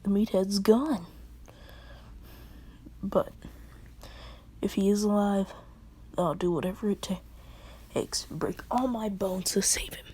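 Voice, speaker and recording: A woman's voice: mid-range voice, slow, long pauses, mellow, slightly rough. A woman voicing a brash, rowdy tomboy teen girl in a fan story, mocking and tough. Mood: determined.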